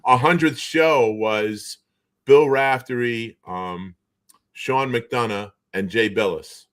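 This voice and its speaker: A man's voice: mid-range voice, slow pace. A middle-aged man with a Boston accent telling stories on a video call, acting out the voices of the people he quotes. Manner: animated storyteller who acts out quoted voices. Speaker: guest. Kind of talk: storytelling in casual chat.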